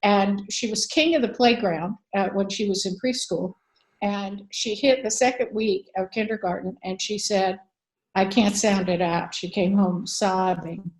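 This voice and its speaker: A woman's voice: mid-range voice, unhurried, a little mellow, rough recording. Older woman guest, advocate and author; earnest, candid storyteller, fillers throughout. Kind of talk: conversational interview storytelling.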